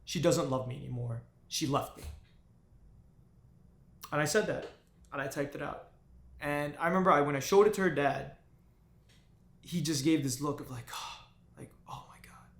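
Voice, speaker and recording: A man's voice: fairly high pitch, gravelly. Man telling a raw personal story, echoey room. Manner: halting, with frequent restarts and fillers. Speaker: vlogger.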